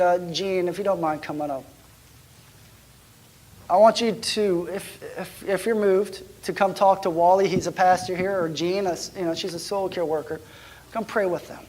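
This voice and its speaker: A man with a high voice preaches as a pastor, sharing a personal story in a casual, conversational style. He restarts often and frequently drops to hushed, almost whispered tones.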